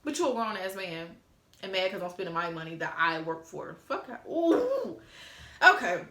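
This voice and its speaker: A woman's voice: on the low side, lively intonation, fairly quick, sharp tone, roomy sound. A young woman in a casual storytime vlog, bluntly and profanely reading out old text messages. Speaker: storytime vlogger.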